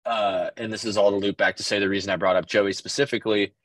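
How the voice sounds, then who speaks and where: A man's voice: lowish voice, steady tone, fast, no room sound. A man co-hosting a podcast, telling rambling stories in casual chat with lots of fillers and swearing. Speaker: podcast co-host.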